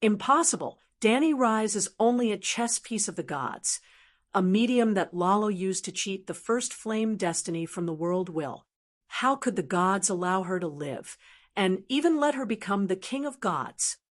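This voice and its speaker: A woman reading the lines of an ancient, vengeful male demon god in an audiobook, in a flat, even storybook manner. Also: medium pitch, moderate pace, lightly acted. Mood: disbelieving.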